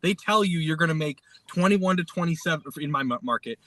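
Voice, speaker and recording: A man's voice: fairly high pitch, animated, brisk, crowd noise, low-quality recording. A man co-hosting a casual talk show, speaking with hesitant restarts as he explains his own work. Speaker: podcast co-host. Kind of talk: casual chat.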